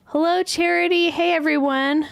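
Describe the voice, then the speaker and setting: A woman's voice: very high-pitched, fairly even intonation, moderate pace, gravelly, dry recording. Chatty woman hosting a yarn livestream. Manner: chatty, greeting viewers one by one, a little scattered. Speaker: host, yarn studio owner. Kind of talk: casual livestream chat, reading viewer comments.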